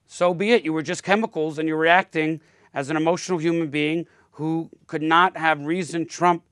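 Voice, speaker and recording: A man's voice: a little high, fairly even intonation, moderate pace, fairly bright tone, no echo. Guy arguing on a podcast, real emphatic, does the voices of people he quotes, dry close mic. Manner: emphatic, acts out quoted speech. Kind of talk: podcast debate.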